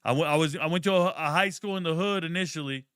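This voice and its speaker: A young man hosting a live draft watch party, chatting casually and telling stories in a slangy, profane, animated way with sudden loud outbursts. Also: a little high, fast talker, clear, resonant tone, dry recording, studio quality. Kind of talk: casual live commentary and storytelling.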